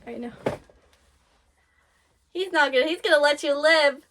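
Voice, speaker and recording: A woman reacting to an anime episode in casual commentary, giggling often and gushing excitedly in broken-off fragments. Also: high voice, unhurried, a little hiss or hum.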